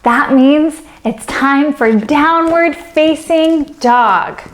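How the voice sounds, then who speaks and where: A woman leading a children's yoga story, giving slow, soothing instructions with playful animal sounds. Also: high voice, slight background noise. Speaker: kids yoga teacher.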